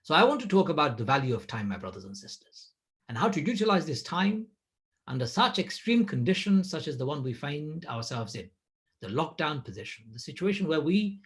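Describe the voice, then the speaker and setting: Male preacher, animated storyteller, lively pitch swings. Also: fairly quick. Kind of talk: Ramadan sermon reminder.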